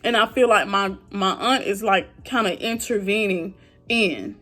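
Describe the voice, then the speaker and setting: Soft music plays behind this young vlogger as she unloads her family troubles on camera, frustrated yet sincere and speaking straight to her audience in a relaxed way. Her mid-range voice is fairly bright and measured in pace.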